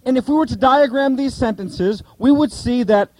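A man teaching a Bible study to a group, asking the listeners questions and repeating key points slowly. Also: extremely high pitch, a little mellow, no room sound, poor audio.

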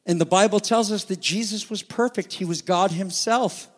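High-voiced man preaching in a hall. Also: moderate pace. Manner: rises to loud, high-pitched emphasis, then drops soft; asks the congregation rhetorical questions. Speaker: pastor. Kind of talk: sermon. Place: church sanctuary. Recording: reverberant hall.

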